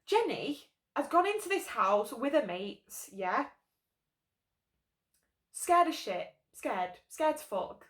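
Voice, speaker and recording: A woman's voice: a little high, sing-song, slow, pauses often, a bit bright. A young woman vlogger reading her old story aloud, breaking off for sarcastic, sweary comic asides. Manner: sarcastic, sweary running commentary. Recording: roomy echo.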